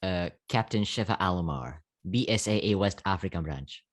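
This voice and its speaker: A man with a deep, low voice hosts a casual podcast interview. He is encouraging and laughs easily, keeping the talk loose and friendly. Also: animated, normal speed. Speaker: podcast host.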